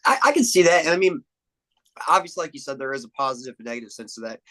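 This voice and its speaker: A man's voice: medium pitch, very animated, very fast, a bit bright, poor audio. A young man in casual podcast chat, swearing freely and acting out movie lines. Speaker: podcast guest.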